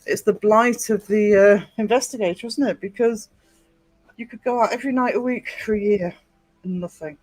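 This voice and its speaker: High-voiced man hosting a casual livestream. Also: moderate pace, dry recording, rough recording. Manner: rambling, with many fillers and restarts. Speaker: livestream host. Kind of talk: casual live chat with viewers.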